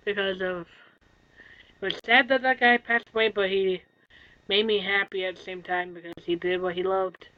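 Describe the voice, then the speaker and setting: A tired woman streamer in casual chat, soft-spoken and apologetic, yawning now and then. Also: mid-range voice, fairly even intonation, moderate pace, lo-fi sound.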